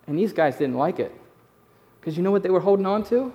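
Male pastor delivering a sermon: casual, emphatic, repeats phrases, slightly raised pitch. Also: expressive, fairly quick, dark tone.

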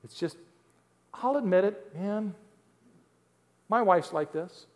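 Male pastor, fairly high voice, folksy and animated sermon delivery with jokes, church hall with long reverb. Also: takes it slowly, muffled recording. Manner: folksy, animated, acts out whining crowds with joking asides.

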